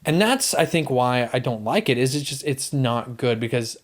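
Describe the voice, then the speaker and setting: A man co-hosting a movie podcast, talking in an easy, unscripted way at a middle pitch. He rambles and restarts his sentences, acts out lines in other voices, and swears freely as he gets going. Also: animated, moderate pace. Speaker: podcast co-host. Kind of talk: casual movie chat.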